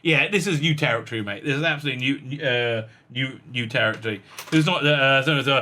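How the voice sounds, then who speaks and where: A man's voice: medium pitch, a little fast, pushed and bright, slight background noise. A man giving sarcastic commentary, reading quotes aloud with lots of fillers and laughs. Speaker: commentary vlogger.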